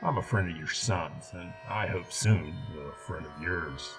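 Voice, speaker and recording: A man voicing a gurgling demonic spirit in a bloody boy's body, deep and menacingly polite. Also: measured pace, gravelly. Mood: sinister polite. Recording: music bed behind voice.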